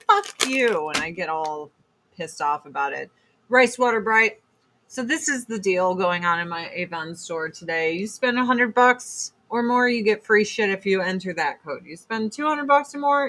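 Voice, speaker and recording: A woman's voice: mid-range voice, a bit bright. Blunt, foul-mouthed woman host. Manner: blunt, profane, rambling. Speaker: livestream host selling beauty products. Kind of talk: casual chat livestream.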